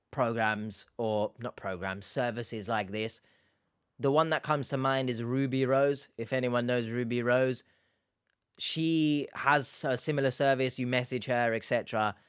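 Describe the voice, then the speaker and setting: A man hosting a reaction commentary, sarcastic and mocking, with sudden loud outbursts. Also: mid-range voice, clear, resonant tone, no room sound, clean studio sound. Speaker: commentary host.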